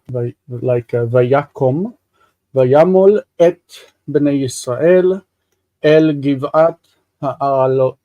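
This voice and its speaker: Man explaining Hebrew grammar, mellow voice. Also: mid-range voice, dry recording. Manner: explains grammar step by step, slow over Hebrew words. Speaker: co-host reading biblical Hebrew. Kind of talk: casual study discussion. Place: home studio, live stream.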